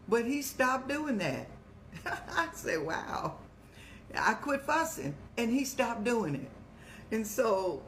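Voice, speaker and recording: An older woman with a higher-pitched voice hosts a live-streamed advice show, and there's a slight hiss or hum on the recording. She comes across as motherly and preachy, calling viewers "child" and laughing as she tells stories.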